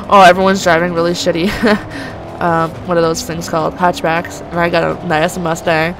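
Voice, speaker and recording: Woman gushing over a racing game, swears a lot, gravelly fry, faint game music. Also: fairly low pitch, little pitch movement, moderate pace. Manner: gushing, swears a lot, laughs and gasps often. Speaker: gaming channel host. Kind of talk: excited gameplay commentary.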